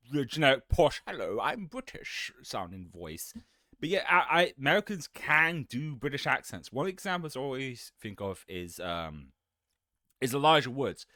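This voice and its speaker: A man's voice: mid-range voice, sharp tone, no echo, clean studio sound. A man streaming as a VTuber, chatting casually in reaction to videos, rambling, correcting himself and swearing offhandedly.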